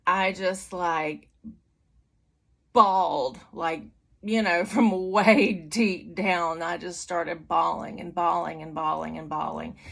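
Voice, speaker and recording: Speaking in a fairly low, creaky voice with a fairly bright tone, a middle-aged woman shares her testimony at church. It's frank and chatty, with plenty of fillers and false starts.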